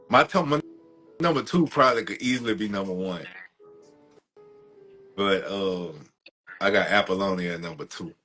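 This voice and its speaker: Man, husky, bright tone, slangy podcast banter, low-ish voice. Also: a little slow, pauses often, faint music behind, low-quality recording. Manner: slangy, drawling, emphatic one-word reactions. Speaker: podcast co-host. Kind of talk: casual chat.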